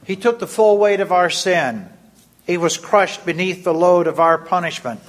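Solemn man reading a devotion. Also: high-pitched. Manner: measured and solemn. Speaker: devotion reader.

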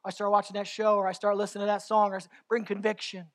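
A man's voice: sits high, little pitch movement, racing. Male pastor, passionate sermon delivery, confessional and heartfelt. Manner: passionate, rises to near-shouting in climaxes; confessional, candid storytelling.

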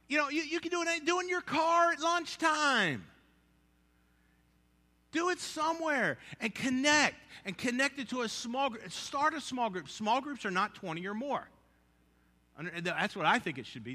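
Animated high-voiced male pastor. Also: long reverb tail. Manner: animated storytelling with conversational asides. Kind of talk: sermon.

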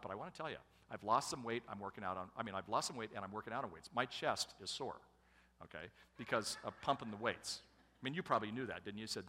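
Bright-voiced preacher in a reverberant hall. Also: male voice, medium pitch, very animated, brisk. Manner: self-deprecating, conversational storyteller. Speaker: pastor. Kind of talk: sermon with personal storytelling. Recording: long church-hall reverb.

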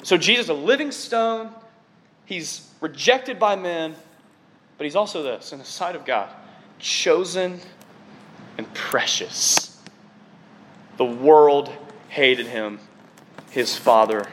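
A man preaching a sermon to his congregation in an excitable, conversational way, often dropping in casual fillers. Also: mid-range voice, slow, pauses often, a little hiss or hum. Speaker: preacher on staff.

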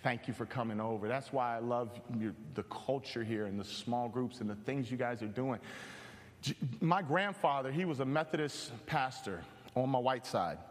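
A male pastor preaching a sermon with animated, joking storytelling. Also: medium pitch, moderate pace, big-room sound.

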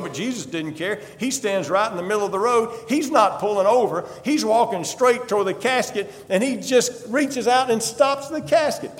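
A male preacher tells a Bible story in the first person, emphatic and dramatic. His voice is high and swoops widely in pitch. The church gives each line a long reverberant tail. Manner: emphatic, repeats a refrain.

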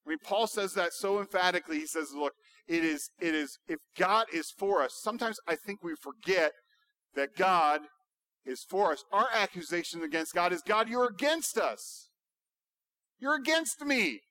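A male pastor preaching a sermon, building to loud, emphatic rhetorical questions. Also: sits high, normal speed, no room sound.

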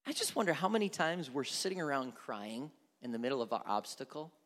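A man preaching a sermon from the pulpit, his voice swinging widely up and down in pitch. He moves from dramatic, animated bursts to hushed near-whispers. A long church reverb trails every phrase. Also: fairly quick. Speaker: pastor. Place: church sanctuary.

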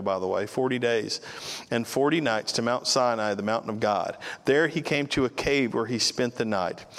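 A male pastor delivers a sermon with a mid-pitched voice, speaking in a relaxed way and breaking in with casual asides. A long reverb from a large hall trails after his words. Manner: conversational, with casual asides to the listeners.

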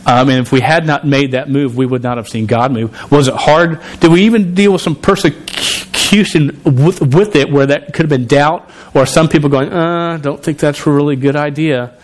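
A man's voice: fairly high pitch, moderate pace, few pauses. A man preaching a sermon in a conversational way, often restarting and repeating words. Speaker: pastor.

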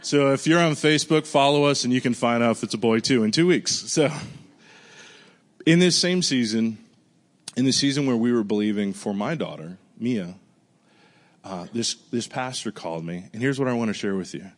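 A man preaching a sermon, speaking casually and earnestly, dropping to a hushed voice when he recalls his prayers. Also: moderate pace. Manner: bursts of excited high-pitched exclamation. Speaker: pastor. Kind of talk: storytelling sermon.

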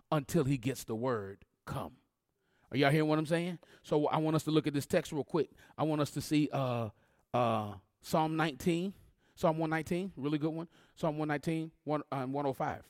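A male pastor preaching with a fairly high voice. He calls to the congregation and draws responses from them, dropping to a hush and then building loud again. The sound is close and dry. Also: dry recording. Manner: call-and-response preaching, swinging between hushed and loud. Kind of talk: sermon.

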